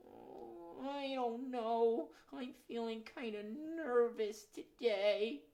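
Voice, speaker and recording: A man voicing a shy, nervous, sweet young male muskrat puppet who talks slowly and hesitantly. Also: extremely high pitch, wildly swooping pitch, creaky, pitched above the performer's own voice, full character voice. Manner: slow, hesitant, soft-spoken.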